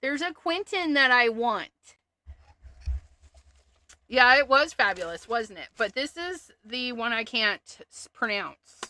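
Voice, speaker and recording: A woman's voice: a little high, expressive, slow, pauses often, sharp tone. A woman hosting a casual crafting livestream, chatting and giggling as she sorts through her stamps. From Canada. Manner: chatty, giggly, thinks aloud.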